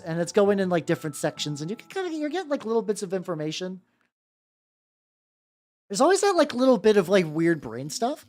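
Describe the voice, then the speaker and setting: A woman's voice: lowish voice, big pitch swings, fairly quick, darkish tone, faint music behind. A young woman streaming and chatting casually while she paints, rambling with lots of "like" and self-interruptions.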